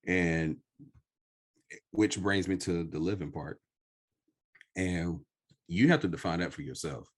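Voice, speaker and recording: Deep-voiced man, slow and earnest. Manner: slow, earnest, personal storytelling. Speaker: podcast host. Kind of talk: reflective podcast conversation.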